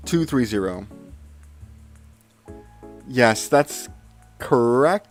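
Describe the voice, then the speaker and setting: A young man on a live stream rattles off long strings of digits in quick bursts. He stumbles, apologizes and corrects himself in a flustered way. Soft music plays faintly behind him. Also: medium pitch, expressive. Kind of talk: live stream memory challenge.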